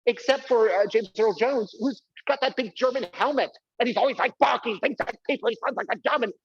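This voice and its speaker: A man's voice: very high-pitched, fairly quick, dull audio, slight background noise. A man performing a live one-man stage show, talking theatrically and prodding the audience to join in. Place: community center stage.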